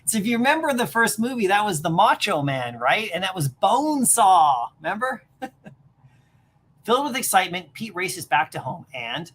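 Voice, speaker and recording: Woman streamer, comic read-aloud, animated, chatty asides, husky, wide-ranging voice. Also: mid-range voice, moderate pace. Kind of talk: reading a comic aloud on a livestream.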